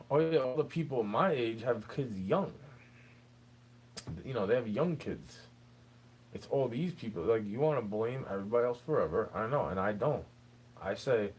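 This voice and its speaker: A man's voice: on the low side, animated, normal speed, long pauses, a little hiss or hum, poor audio. A young man talking straight to the listener in a rambling, aggrieved monologue, tossing in "bro" again and again. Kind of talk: unscripted monologue rant.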